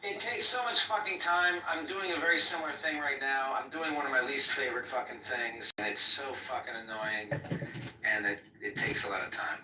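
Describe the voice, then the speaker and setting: A man's voice: mid-range voice, normal speed, sharp tone, distant mic. A man griping bluntly and swearing in casual podcast chat. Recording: roomy sound from off mic with faint noise.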